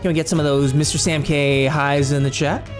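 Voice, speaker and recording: A man's voice: a little high, little pitch movement, brisk. Upbeat man streaming, chatty and joking, over game music. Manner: upbeat, joking, greets viewers. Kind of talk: casual live stream chat. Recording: game music playing behind.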